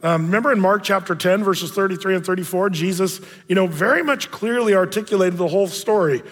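High-voiced pastor in a reverberant hall. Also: male voice, brisk, a bit bright. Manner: chatty, storytelling, many fillers. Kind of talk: conversational sermon. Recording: long reverb of a large hall.

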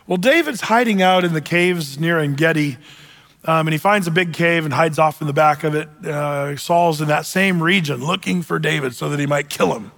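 A male pastor preaching a sermon, telling the story in an animated way with joking asides. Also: sits high, vocal fry. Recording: long hall reverb.

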